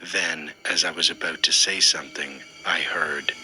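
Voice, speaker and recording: A man narrating a scary first-person story in a steady, scripted way. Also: extremely low pitch, moderate pace, faint music behind, poor audio.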